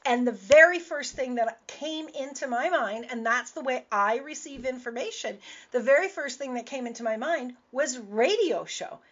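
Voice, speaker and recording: A woman's voice: sits high, lively intonation, moderate pace, fairly bright tone. A woman host and business coach talking in a casual radio monologue, stressing points by repeating words. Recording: dull lo-fi audio.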